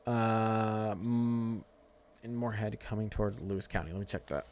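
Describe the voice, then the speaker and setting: A man's voice: lowish voice, fairly even intonation, moderate pace, a little mellow. Young male streamer, casual and rambling, prone to heated rants, addresses chat directly. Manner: rambling, ranting, talks to chat. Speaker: weather livestream host. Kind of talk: casual live weather stream.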